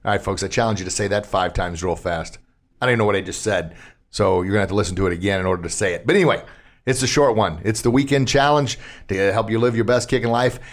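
A man's voice: on the low side, quick pace. A middle-aged man hosting a podcast from a studio, talking casually and upbeat, laughing at his own slips. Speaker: podcast host. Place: recording studio.

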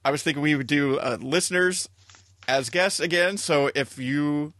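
A man's voice: a little high, normal speed, a bit bright, no echo, studio quality. A man hosting a podcast, rambling through casual wrap-up announcements with easy chuckles, speaking over a computer mic on a call. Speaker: podcast host.

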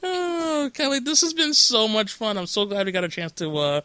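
Man, podcast host, bright voice, dry close sound, casual jokey chat. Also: sits high, moderate pace, smooth, no echo. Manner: chatty, jokey, lots of filler "like".

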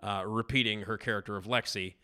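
Bright-voiced man talking comedy. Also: on the low side, fairly even intonation, a little fast, smooth. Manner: enthusiastic, rambling with fillers. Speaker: host. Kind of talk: casual commentary.

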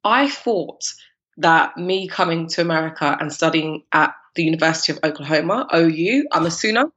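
A woman from East London in her thirties with a London accent, telling her story as a podcast guest in an animated, laughing way. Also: deep voice, brisk, lo-fi sound. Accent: London English. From East London, England. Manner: animated, laughing, acts out her past self in quotes. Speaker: guest, cupcake business founder.

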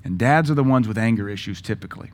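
A man's voice: lowish voice, animated, quick pace, darkish tone. Middle-aged male pastor, emphatic sermon delivery in punchy bursts. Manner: emphatic, punchy lists of words.

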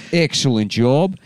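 A man voicing a bumbling male contestant who blurts catchphrases in a silly put-on accent, loud and halting. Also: medium pitch. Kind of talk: comedy podcast bit.

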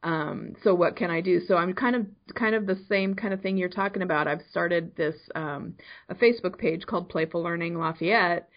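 A woman's voice: lowish voice, normal speed, muffled recording. A woman who works in early childhood education, talking earnestly on a podcast about play and learning. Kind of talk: casual podcast chat.

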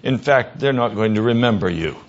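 With lively intonation, a man preaches slowly and earnestly on the radio as a pastor, going higher in pitch when he presses a point. The audio sounds dull.

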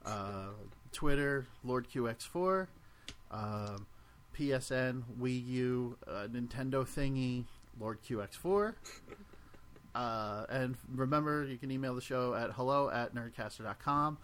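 Man, podcast host, relaxed joking delivery, medium pitch, faint background hiss. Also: measured pace. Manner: joking, laid-back, rattles off plugs. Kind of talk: casual podcast chat.

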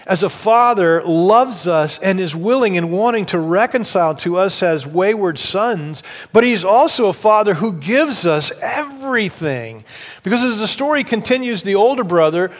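A man preaching a sermon as pastor, telling a story in an animated way with shifting pace and emphasis. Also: sits high. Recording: long reverb of a large hall.

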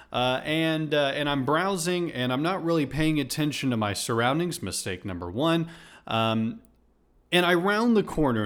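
A man hosting a podcast, telling a comedic story in a rambling, sarcastic way with many restarts and asides. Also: mid-range voice. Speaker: podcast host. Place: Houston.

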